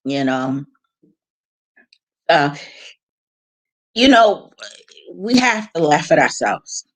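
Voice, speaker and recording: Lively, laughing woman telling stories. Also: deep voice, very slow. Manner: animated, laughing, frank and rambling with restarts. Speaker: vlogger. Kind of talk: casual storytelling.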